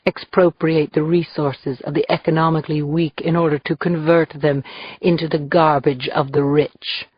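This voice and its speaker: A woman voicing a righteous young male killer who accuses in a slow, deliberate way, in a dull, dry lo-fi recording. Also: low-pitched, little pitch movement, husky, dry recording, pitched below the performer's own voice. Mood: cold.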